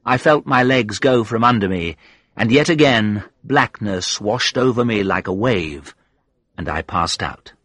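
A man narrating a first-person audiobook in a measured, sombre storytelling manner. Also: fairly low pitch, expressive, a bit bright, no room sound, studio quality.

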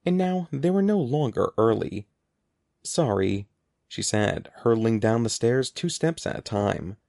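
A man reading a children's story aloud with a lively, rising and falling delivery. His voice carries a gravelly texture, and the recording is close and dry with no room sound. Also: mid-range voice, moderate pace, no room sound. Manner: expressive, animated reading. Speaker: narrator. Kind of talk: audiobook reading.

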